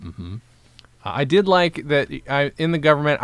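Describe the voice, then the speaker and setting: A man hosting a podcast in casual, rambling chat. His sentences often trail off into quieter asides. The sound is close and dry, with no room around it. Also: medium pitch, big pitch swings, moderate pace, no room sound. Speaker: podcast host.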